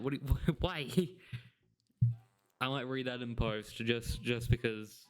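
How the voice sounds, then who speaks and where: A man's voice: mid-range voice, fairly even intonation, slow, soft background music. Joking, sarcastic let's-play guy. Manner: joking and sarcastic, laughs often. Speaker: gameplay commentator. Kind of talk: casual let's-play commentary.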